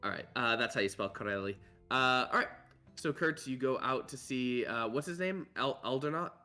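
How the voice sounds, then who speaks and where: A man running a tabletop game as game master, talking in a halting way full of filler words. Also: medium pitch, expressive, bright, forceful tone, soft background music.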